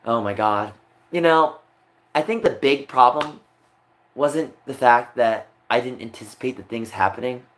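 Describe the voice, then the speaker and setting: A man on a live stream, talking through his grievances in an agitated, emotional rant. His voice sits at an ordinary pitch and dips into tired muttering before rising again when he gets worked up. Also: unhurried, fairly bright tone. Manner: agitated, swings from muttering to raised voice.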